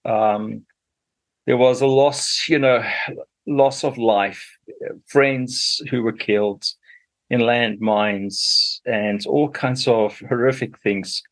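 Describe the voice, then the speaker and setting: A man from Zimbabwe, a guest in an interview, slowly and thoughtfully recounting his life with pauses and fillers. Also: medium pitch, fairly even intonation, low-quality recording. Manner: slow and reflective, with pauses and fillers.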